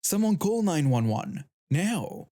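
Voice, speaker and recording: A man's voice: sits high, big pitch swings, slow, dark tone, voice pushed up, exaggerated voice. A man playing a firm male rescuer. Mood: urgent. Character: protective adult male bystander, a rescuer.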